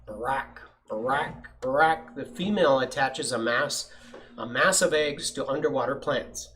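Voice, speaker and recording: A man's voice: mid-range voice, moderate pace, a little hiss or hum. A man at a science center reading a picture book aloud to children and asking them questions. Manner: lively storyteller, asks kids questions.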